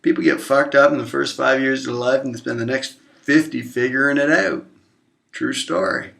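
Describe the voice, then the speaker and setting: A man delivering an emotional, confrontational monologue to camera, swearing openly and swinging between low murmurs and raised outbursts. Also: fairly even intonation, normal speed, gravelly, a bit bright. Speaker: vlogger.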